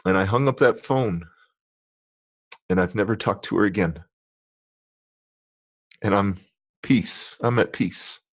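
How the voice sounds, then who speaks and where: A middle-aged man, a guest on a podcast interview, telling a deeply personal story in an earnest, emotional way that builds into motivational encouragement. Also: slow pace, pauses often.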